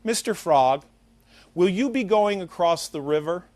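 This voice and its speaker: A man voicing a sly, smooth-talking male scorpion in a spoken fable, dropping his voice low and soft to coax. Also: lively intonation, unhurried, dry recording. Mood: polite. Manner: coaxing, low and hushed.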